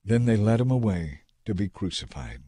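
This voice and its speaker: A man narrating scripture in a measured, dramatic reading. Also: fairly low pitch, big pitch swings, warm tone, breathy edge, no echo, clean studio sound.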